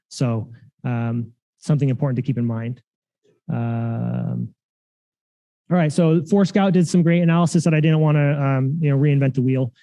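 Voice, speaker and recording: A man's voice: a little high, mellow. A man giving a security conference talk, casual and full of fillers and restarts. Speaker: conference speaker. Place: conference room.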